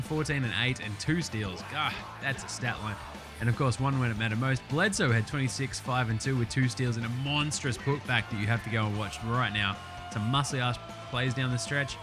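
A man hosting a casual sports recap, ranting excitably and swearing a lot. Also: medium pitch. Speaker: podcast host.

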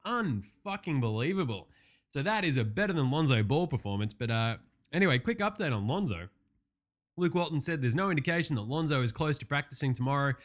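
A man's voice: fairly high pitch, expressive, fairly quick. Brash, swearing man. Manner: profane, brash, wisecracking. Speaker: podcast host. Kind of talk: casual sports recap.

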